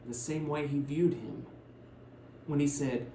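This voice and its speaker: A man preaching a sermon, retelling a Bible story in a conversational way, his voice swinging between loud and hushed. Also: on the high side, unhurried, echoey room, slight background noise. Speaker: pastor. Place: church sanctuary.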